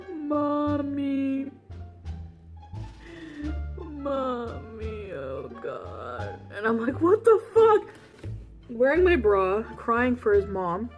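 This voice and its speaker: A woman vlogger telling a story in casual, frank chat, laughing often and saying "like" a lot. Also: mid-range voice. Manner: chatty, laughs often, heavy use of "like"; frank and animated retelling.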